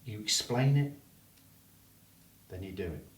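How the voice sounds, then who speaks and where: A man training students in hypnosis, talking bluntly with plenty of swearing and dropping into slow hypnotic suggestions to demonstrate. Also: on the low side, animated. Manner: blunt and heavily profane. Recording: roomy room, distant mic, faint noise.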